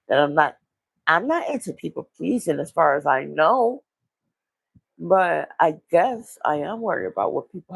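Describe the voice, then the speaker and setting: A woman with a heavily gravelly, fry-laden voice talks her way through a confessional vlog. Her speech is husky and halting, full of restarts, and she sounds low and vulnerable. The sound is dry and close. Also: dry recording. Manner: rambling, halting, with repeated restarts. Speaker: vlogger. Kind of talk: casual confessional monologue.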